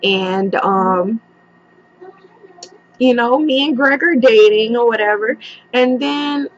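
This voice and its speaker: A young woman with a fairly high voice tells a story slowly and deliberately. She swears freely and keeps it animated. The audio is muffled and lo-fi. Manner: profane, animated. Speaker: vlogger. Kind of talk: casual storytelling.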